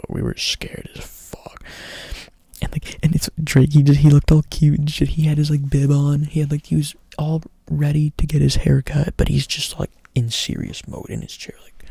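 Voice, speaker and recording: A man's voice: medium pitch, fairly even intonation, a little fast, gravelly, dark tone, slightly rough, no echo. A young man doing whispered ASMR storytelling up close to the mic, rambling casually and swearing a lot. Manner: rambling, profane, filler-heavy casual talk. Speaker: ASMR creator.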